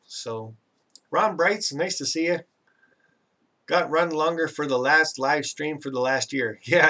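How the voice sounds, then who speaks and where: A man's voice: medium pitch, pushed and bright, far from the mic. Chatty Canadian man a bit off-mic. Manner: chatty and rambling, self-teasing, laughs often. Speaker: live stream host. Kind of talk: casual live chat reading viewer comments.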